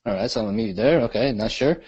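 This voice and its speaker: A man's voice: fairly low pitch, lively intonation, racing, a little mellow, husky, no echo, muffled recording. Guy teaching a group call, casual, lots of "right?" and "okay?", dry close sound. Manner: conversational, repeats questions, lots of "right?" and "okay?". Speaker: real estate marketing trainer. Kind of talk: live training call, teaching.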